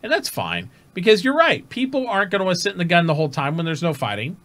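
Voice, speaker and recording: A man talks through a casual gaming show in a slightly high voice, animated and loose. He swears offhandedly and jumps into quick acted-out radio calls. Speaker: podcast host.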